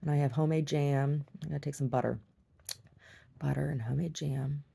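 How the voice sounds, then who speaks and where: A woman's voice: low voice, steady tone, brisk, gravelly, mellow, breathy edge. A middle-aged woman, a gallery owner, chatting in a meandering, giggly way in a casual monologue.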